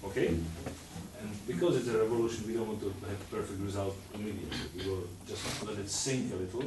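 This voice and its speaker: A man's voice: on the low side, fairly quick, distant mic, background noise. Male string quartet coach, sings rhythms, heard from across a reverberant room. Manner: sings rhythms, repeats instructions. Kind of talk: master class coaching. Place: rehearsal room with musicians. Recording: roomy, from afar, music playing.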